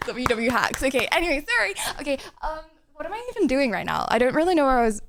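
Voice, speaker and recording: A woman's voice: high-pitched, big pitch swings, background noise. A young woman streaming live, chatting in a rambling, giggly way. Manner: giggly, rambling, talks fast. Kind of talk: casual live-stream chat.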